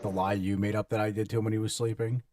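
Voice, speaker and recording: A man's voice: lowish voice, flat delivery, rapid-fire, darkish tone, recorded from a distance. A man co-hosting a podcast, teasing and profane, bringing up old stories in casual chat. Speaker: podcast co-host. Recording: dry, a bit off mic.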